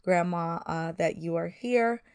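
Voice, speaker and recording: A woman's voice: fairly low pitch, measured pace, darkish tone, smooth, no room sound, pitched below the performer's own voice. A woman voicing a stressed, grieving young female student in a life-sim game, in her own plain voice. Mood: subdued.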